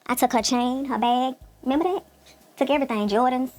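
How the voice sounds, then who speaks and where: High-voiced woman telling a story fast. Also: soft background music. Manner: lively, quick, acts out voices in her story. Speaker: co-host telling her story. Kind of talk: animated storytelling chat.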